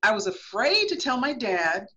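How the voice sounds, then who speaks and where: Woman guest on a radio show, earnest and emphatic, bright forceful voice, bit muffled. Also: fairly high pitch, sing-song, normal speed. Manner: earnest, emphatic, reenacts her past thoughts. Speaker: guest author. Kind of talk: personal testimony in a radio talk show. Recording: lo-fi radio audio.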